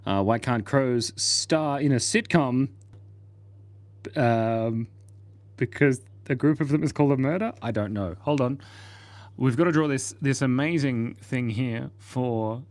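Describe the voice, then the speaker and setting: A man hosting a casual live stream, chatting playfully and laughing while he draws and reads out viewer comments. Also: mid-range voice. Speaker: livestream host.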